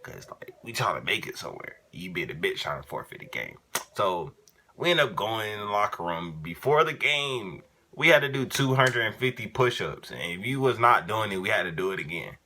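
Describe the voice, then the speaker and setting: Deep-voiced young man telling stories. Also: very animated, moderate pace, pushed and bright. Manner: slangy, profane, laid-back storytelling. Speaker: vlogger. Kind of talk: casual storytime.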